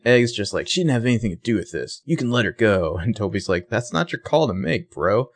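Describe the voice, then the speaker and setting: A man's voice: fairly low pitch, expressive, fairly quick. A young man co-hosting a casual chat, retelling a TV episode by acting out the characters' lines. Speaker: podcast co-host recapping a TV show.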